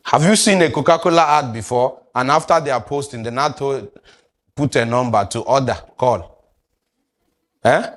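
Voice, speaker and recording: A man's voice: medium pitch, normal speed. A man, teaching a sales class and quizzing his audience. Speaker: sales trainer. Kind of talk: classroom lecture.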